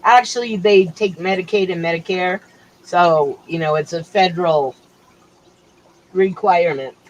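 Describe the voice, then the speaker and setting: A middle-aged woman with a lowish voice talks a little slowly as she hosts a casual livestream from home, rambling and hopping between topics. The recording quality is rough.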